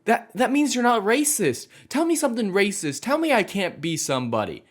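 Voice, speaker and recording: A man's voice: high-pitched, big pitch swings, fairly quick, voice pushed up. A man mimicking a whiny, demanding little girl in a mocking, exaggerated way.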